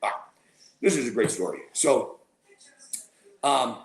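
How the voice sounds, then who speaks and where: A man's voice: medium pitch, takes it slowly, vocal fry. A man telling a long, rambling story on a casual podcast, acting out the lines of the people in it. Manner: animated, rambling storyteller who acts out quoted dialogue. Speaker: podcast co-host. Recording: roomy echo.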